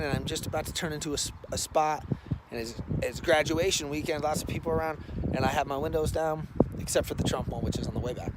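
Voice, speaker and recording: A middle-aged man casually telling a story, animated and acting out other people's lines. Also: medium pitch, very noisy.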